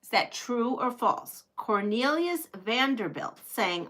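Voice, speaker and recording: A woman's voice: fairly high pitch, big pitch swings, takes it slowly, few pauses, a bit bright. A middle-aged woman hosting a quilting live stream, chatting casually with viewers and often laughing. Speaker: quilting channel host. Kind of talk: casual live-stream chat while sewing. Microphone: home live-stream setup.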